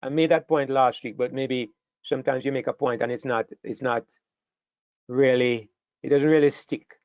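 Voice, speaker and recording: A man's voice: medium pitch, fairly even intonation, moderate pace, dry recording, dull audio. A man teaching a Bible study class to a room of listeners, emphatic, repeating key words and checking that everyone follows.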